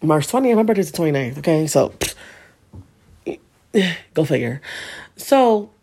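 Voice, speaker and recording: A woman's voice: deep voice, very animated, a little slow, gravelly, dark tone, husky. A woman in her thirties telling a personal story in an emotional, rambling way, swearing often and filling her speech with asides. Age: 30s. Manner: emotional, profane, rambling with many fillers. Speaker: vlogger.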